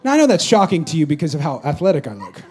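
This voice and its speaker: A man preaching a conversational sermon as a pastor to a congregation, swinging from loud exhortation to quiet asides. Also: a little high, wildly swooping pitch, very fast. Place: church stage before a congregation.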